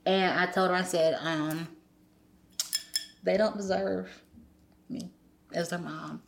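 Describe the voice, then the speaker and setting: A low-pitched woman speaks softly and candidly. She slips into animated voices when she quotes friends and family. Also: slow, vocal fry, slight background noise. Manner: soft-spoken, quotes others in animated voices. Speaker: guest sharing her story. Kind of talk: candid personal storytelling.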